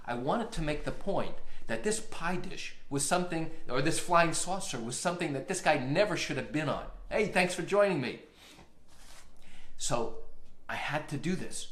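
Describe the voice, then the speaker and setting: A man, a lawyer hosting a live stream, telling a courtroom story in a lively way and acting out the quotes. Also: on the high side, moderate pace, echoey room.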